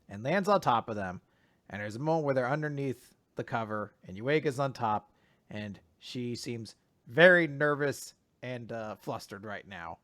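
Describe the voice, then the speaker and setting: A man hosting a casual podcast, retelling a manga chapter with many fillers. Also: fairly low pitch. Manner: animated storytelling, many fillers. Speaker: podcast host. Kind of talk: casual manga recap chat.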